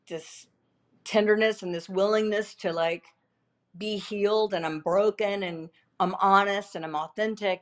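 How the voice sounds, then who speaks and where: A woman in her fifties speaks as a podcast guest, telling a deeply personal testimony. Her voice sits at an ordinary middle pitch. She talks haltingly and earnestly, circling back on her words and leaning on fillers as she searches for them. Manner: halting, repetitive, earnest storytelling with many fillers.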